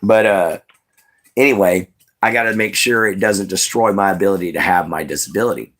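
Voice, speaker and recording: A man's voice: low voice, a little fast, fairly bright tone. A man hosting a casual livestream, chatting straight to his viewers in a laid-back way with plenty of "you know"s. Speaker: livestream host.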